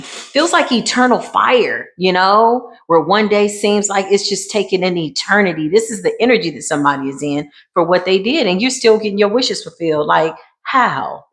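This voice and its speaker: A woman reads tarot cards in a sassy, theatrical style. She drops to a near hush, then rises into emphatic outbursts. Her voice sits at an ordinary middle pitch. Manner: sassy, dramatic, swings between hushed and emphatic. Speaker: tarot reader. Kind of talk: tarot card reading monologue.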